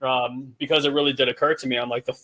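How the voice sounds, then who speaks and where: A man who coaches people co-hosts a casual podcast conversation. He speaks at an even middle pitch and makes measured, reflective remarks, agreeing and then adding his own take.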